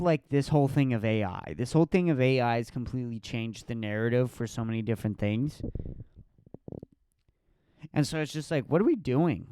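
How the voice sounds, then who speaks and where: A man in his twenties doing a solo comedic podcast rant, profane and mocking, sometimes jumping into a shrill voice to mimic others. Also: clear, resonant tone, no room sound, clean studio sound. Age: 20s. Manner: profane, animated, mocking falsetto impressions.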